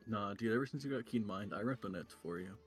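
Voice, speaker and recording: A man's voice: lowish voice, fast talker, faint music behind. A man acting as game master, narrating the scene and chatting in a laid-back, dry way.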